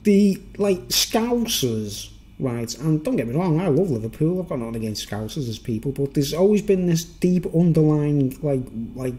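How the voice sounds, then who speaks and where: A man's voice: fairly high pitch, normal speed, hardly any pauses. A man talking in a rambling, hesitant monologue, often restarting and chuckling. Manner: animated, with chuckles. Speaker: vlogger.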